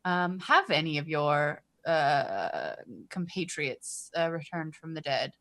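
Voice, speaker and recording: A woman speaking in character during a tabletop game. Her voice is low-pitched but bright and clear. She pauses often and fills the gaps with hesitant fillers. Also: lively intonation. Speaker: player. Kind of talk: in-character tabletop role-play.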